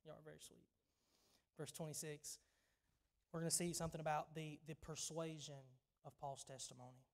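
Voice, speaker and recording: Southern male pastor, high-pitched, emphatic conversational sermon delivery in church. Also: flat delivery, normal speed. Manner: emphatic, conversational preaching with repetitions.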